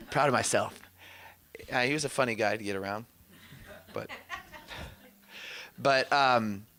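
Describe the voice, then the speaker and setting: Guy teaching a class, bright punchy voice, tells stories excitedly, laughs a lot. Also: medium pitch. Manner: enthusiastic storytelling, laughs often. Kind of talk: teaching session, anecdotal.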